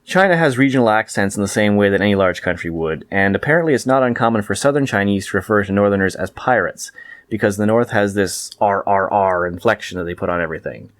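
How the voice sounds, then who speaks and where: Low-voiced man reading a book review. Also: lively intonation, fast talker, no room sound.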